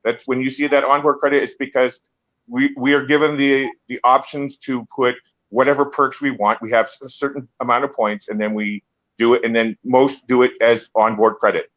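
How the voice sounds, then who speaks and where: Travel agent, mid-pitch man, muffled phone sound. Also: level tone, fairly bright tone. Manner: quick, explanatory. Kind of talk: casual chat. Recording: dull phone audio.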